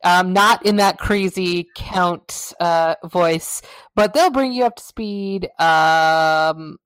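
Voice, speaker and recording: A woman's voice: lowish voice, slow, clean tone, dry recording. A woman co-hosting a casual podcast, giggly and stumbling while reading ad copy. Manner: giggly, stumbling over words. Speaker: podcast co-host.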